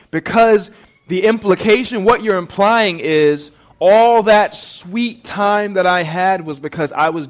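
High-pitched guy preaching, earnest, keeps asking the congregation questions. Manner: earnest, rising to impassioned pleading in quoted prayers; asks the listeners direct questions. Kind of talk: sermon.

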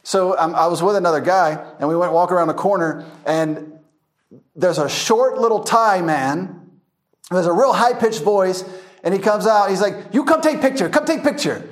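A man's voice: high voice, moderate pace. A man teaching a verse-by-verse Bible class, telling funny stories with frequent laughter. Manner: laughing storyteller, animated anecdotes.

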